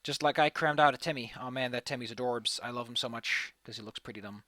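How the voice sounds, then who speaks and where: A man's voice: medium pitch, quick pace, sharp tone, dry recording. A young man commentating a game, giggling, rambling and swearing casually. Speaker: let's play host. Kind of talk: gameplay commentary.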